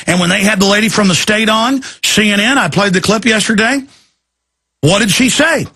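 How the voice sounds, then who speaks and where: A man's voice: high-pitched, moderate pace, bright, forceful tone, breathy edge. A man hosting a talk-radio show, delivering an agitated, ranting monologue.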